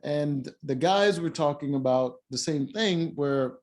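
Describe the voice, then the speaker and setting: A man's voice: fairly high pitch, unhurried, a little mellow. A man recapping a reality-show episode in casual chat, rambling with lots of fillers and restarts and blunt asides. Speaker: show reviewer.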